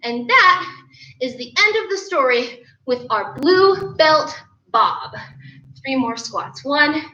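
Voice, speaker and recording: A woman's voice: sits high, sing-song, slow pace, pushed and bright, a little hiss or hum. A young woman teaching an online kids' martial arts class, upbeat and encouraging as she tells a story and calls out drills from an indoor studio. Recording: roomy, slightly dull sound.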